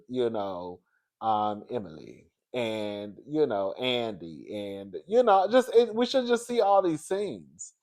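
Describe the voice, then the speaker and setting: A man hosting a casual pop culture gossip vlog, animated and chatty, who calls his viewers girl and baby and jumps into a high, laughing voice when he gets excited. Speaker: vlog host.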